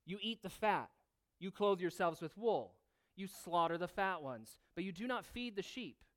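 Guy preaching, kinda high smooth voice, earnest, reads scripture out loud. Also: lively intonation, normal speed. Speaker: pastor. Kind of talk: sermon.

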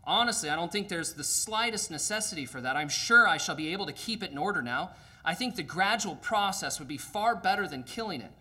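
Man doing a high, bright, whining ghost, cowardly and flustered. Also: lively intonation, brisk, heavily acted. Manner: nervous, flustered excuses. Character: frightened evasive male ghost, pleading and whining.

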